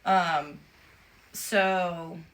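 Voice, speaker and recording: A woman, casually telling a lively story and acting out the exchanges she had along the way. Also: fairly low pitch, extremely slow. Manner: lively, vivid retelling with quoted exchanges. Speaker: emu owner telling a story.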